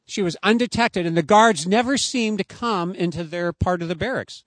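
A man preaching outdoors in a high, clear voice, earnest and emphatic as he builds each point. The sound is close and dry, with no room around it. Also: moderate pace, no room sound. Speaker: pastor. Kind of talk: sermon.

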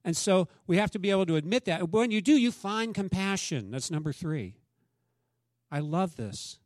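Male pastor, higher register, conversational preaching style, dry sound. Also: lively intonation, moderate pace, a little mellow, no echo. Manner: conversational preaching, acts out quoted dialogue. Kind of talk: sermon.

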